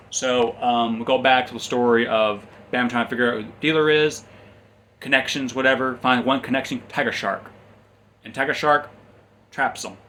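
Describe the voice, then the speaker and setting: A man's voice: mid-range voice, bright, forceful tone, slight background noise. A man casually recapping a comic's plot as a reviewer, rambling with frequent ums and restarts.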